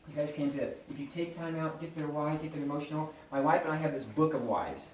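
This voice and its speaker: A middle-aged man giving an animated, chatty motivational talk to a live audience, acting out bits of dialogue. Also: a little high, fast, a little hiss or hum. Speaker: motivational speaker. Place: event hall with audience. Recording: echoey room, voice from a distance.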